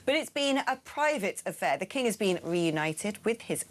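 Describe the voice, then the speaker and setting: A woman's voice: medium pitch, very animated, moderate pace. A woman presenting a studio talk show in a breezy, playful, chatty way. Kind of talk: casual studio chat.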